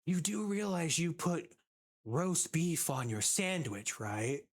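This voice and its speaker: Streamer doing a fussy rude customer lady, prim, pointed, lowered voice. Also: very animated, takes it slowly, heavily acted. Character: fussy rude woman customer at a sandwich shop.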